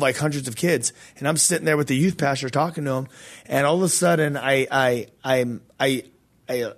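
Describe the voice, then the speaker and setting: A man hosting a podcast, telling a faith story in a loose, animated, slangy way with many fillers. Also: mid-range voice. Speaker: podcast host. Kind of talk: casual storytelling testimony.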